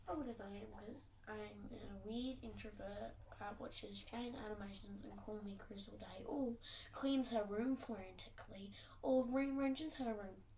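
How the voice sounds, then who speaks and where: Aussie teen girl vlogging while she cleans her room, talks fast, whispers a bit, phone mic a way off, hissy. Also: mid-range voice, warm tone. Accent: Australian. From Australia. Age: teens. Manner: rambling, fast, self-mocking, often drops to a whisper. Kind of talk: casual chatty vlog while tidying her room. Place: bedroom. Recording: distant phone mic with background hiss.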